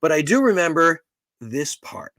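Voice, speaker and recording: A man's voice: a little high, big pitch swings, a little slow, fairly bright tone, no echo. A middle-aged man co-hosting a podcast, telling a rambling, profane, self-deprecating story in casual chat. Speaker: podcast co-host.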